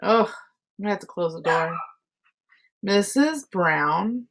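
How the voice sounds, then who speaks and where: A woman's voice: lowish voice, steady tone, brisk, slight background noise. A woman art teacher teaching an online class from home over a computer mic, explaining step by step with chatty asides. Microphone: computer mic on a video call.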